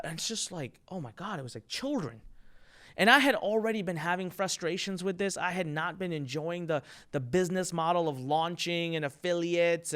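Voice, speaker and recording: An entrepreneur with a high-pitched voice delivers an emphatic, energetic motivational talk full of business advice. He tells stories and acts out what people said to him.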